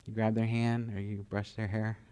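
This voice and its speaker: A man preaching a sermon, telling the story with animated acted-out voices and dropping to a hushed, tender tone at moments. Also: on the low side, moderate pace, clean tone. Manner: drops to soft, hushed tones for tender moments. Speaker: pastor.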